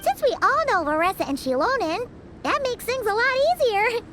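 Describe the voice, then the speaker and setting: A cheerful high-voiced traveler. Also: female voice, very animated, moderate pace, fairly bright tone, slight background noise, full character voice. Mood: friendly. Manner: friendly, chatty.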